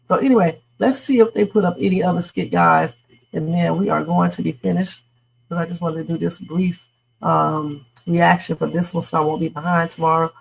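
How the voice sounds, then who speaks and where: A woman hosts a casual reaction livestream in a lowish, gravelly voice. She gives blunt opinions on a sketch and talks straight to her viewers in the chat. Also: fairly even intonation, a little fast, rough recording.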